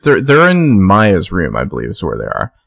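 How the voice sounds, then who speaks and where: A man's voice: deep voice, moderate pace, vocal fry, no room sound. A man co-hosting a podcast, casually retelling scenes and acting out lines from the characters. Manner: relaxed storytelling, acts out quotes. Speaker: podcast co-host. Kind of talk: casual recap chat.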